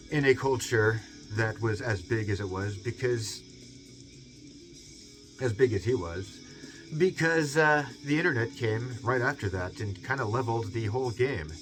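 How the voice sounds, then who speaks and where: A man's voice: fairly low pitch, unhurried, music in the background. Rambling man with a Seattle accent. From US West Coast. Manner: digressive, filler-heavy, musing aloud. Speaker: video essay host. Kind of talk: rambling casual monologue.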